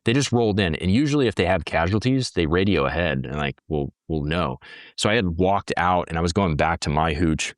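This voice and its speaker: A man's voice: low voice, expressive, a little fast, no echo, clean studio sound. A man, a former Navy corpsman guest, telling stories casually in blunt, profane talk. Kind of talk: casual storytelling.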